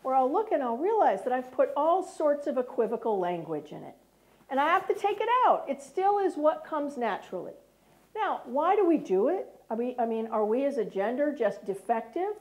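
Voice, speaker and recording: A woman's voice: high voice, very animated, moderate pace, darkish tone. A middle-aged American woman giving a lecture, often checking in with the audience by asking "right?". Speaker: speaker. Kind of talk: lecture talk.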